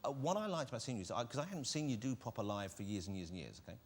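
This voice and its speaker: A man's voice: mid-range voice, slight background noise. A man hosting a talk show, teasing and bantering with his guest. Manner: quick, teasing and animated.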